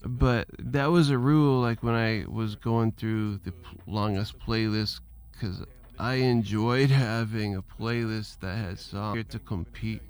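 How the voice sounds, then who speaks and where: Solo podcast host, male, slow unhurried delivery, wandering and self-deprecating, swears casually. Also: mid-range voice, steady tone, smooth. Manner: meandering, trailing off, frequent restarts and fillers; loose, profane and self-deprecating. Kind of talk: rambling solo podcast monologue.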